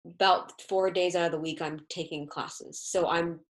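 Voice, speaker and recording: A woman guest in a casual podcast chat, animated and gushing in quick bursts. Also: on the low side.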